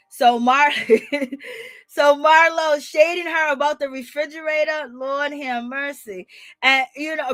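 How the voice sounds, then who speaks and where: High-voiced woman dishing reality TV gossip. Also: dry recording. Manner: animated, sassy, laughs often, says "girl" and "Lord have mercy". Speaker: commentary vlogger. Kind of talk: casual reality TV commentary.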